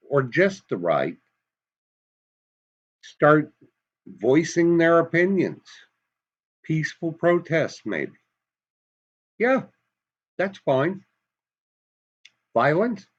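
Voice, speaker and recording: A man's voice: medium pitch, husky, dull audio. A man with a Massachusetts accent giving an emphatic, folksy opinion monologue, full of rhetorical questions. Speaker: commentary vlogger.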